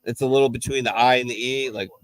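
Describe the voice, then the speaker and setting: A man's voice: mid-range voice, fairly even intonation, fast talker, no room sound. A man hosting a live bar-room chat show, swearing and joking loosely as he talks after a few drinks. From American Midwest. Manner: profane, joking, loose drunken talk. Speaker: podcast host. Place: bar compound, live stream.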